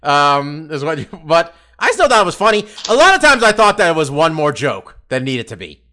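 A man chatting casually on a podcast, talking in an animated way and swearing freely. His voice sits a little high and sounds bright. His pitch moves around a lot, rising and falling constantly. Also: a little fast. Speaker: podcast co-host. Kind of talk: casual chat.

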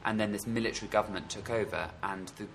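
A man's voice: fairly low pitch, quick pace, gravelly, background noise. A man with a slightly posh London accent, chatting casually on a podcast and rambling with many ums and self-corrections. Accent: southeastern English, London, slightly posh. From England. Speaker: podcast co-host. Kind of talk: casual chat.

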